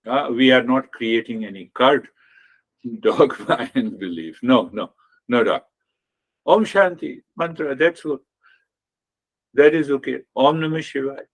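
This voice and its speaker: A man giving a spiritual talk on meditation as a teacher, explaining in an unhurried way and repeating key phrases. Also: mid-range voice.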